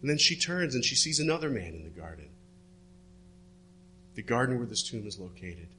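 A man delivers a sermon in a bright, forceful voice at an average pitch. He tells the story vividly and drops to hushed, soft tones for the quoted lines. A faint hum sits behind him. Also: expressive, moderate pace. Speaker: preacher.

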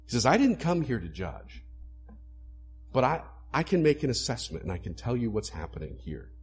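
A man preaching a sermon to a congregation, animated, acting out quoted lines as he explains. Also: medium pitch, normal speed. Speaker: pastor.

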